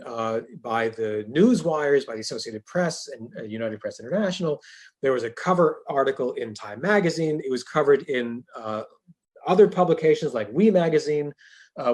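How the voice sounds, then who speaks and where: A man's voice: medium pitch, slightly rough. A male professor giving a university lecture in a conversational way, with dry humorous asides.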